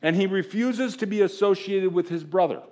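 A man preaching a sermon to a room of men, animated, jumping between loud exclamations and hushed asides and acting out the characters he quotes. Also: sits high, normal speed. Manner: acts out quoted characters in voices. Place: room with a live audience of men.

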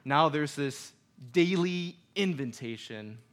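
A man's voice: fairly high pitch, lively intonation, takes it slowly. A young adult man preaching a sermon in a conversational way, with humor and asides to the congregation. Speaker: pastor.

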